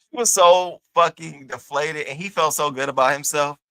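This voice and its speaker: Sassy animated man dishing gossip. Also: dry recording. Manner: animated and sassy, lots of slang and cussing; jumps into high squealing bursts. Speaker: commentary host. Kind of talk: casual gossip commentary.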